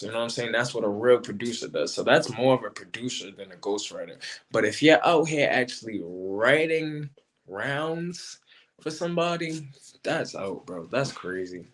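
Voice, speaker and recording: Slangy, animated man talking battle rap. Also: mid-range voice, moderate pace. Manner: animated, slangy, repeats himself. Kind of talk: casual commentary monologue.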